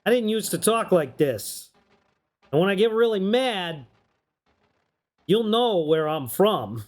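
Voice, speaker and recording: Guy from new york w/ a little southern drawl, high voice that jumps all over, cussing and chatting while he plays, kinda slow talker. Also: big pitch swings. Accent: mild Southern drawl. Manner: chatty, profane, laughs often. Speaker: streamer. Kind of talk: casual gameplay commentary.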